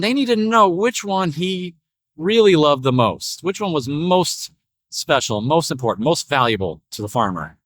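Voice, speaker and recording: A man's voice: high voice, fairly bright tone, dry recording, clean studio sound. A man telling a spiritual parable in a casual, chatty way. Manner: casual, chatty narration with fillers. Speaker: storyteller.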